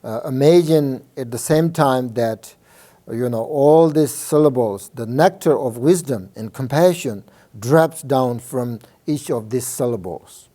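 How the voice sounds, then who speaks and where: Slow, soft-toned Buddhist teacher, a man. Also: mid-range voice. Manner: halting, many fillers and restarts; checks in with listeners often. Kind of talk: informal dharma teaching.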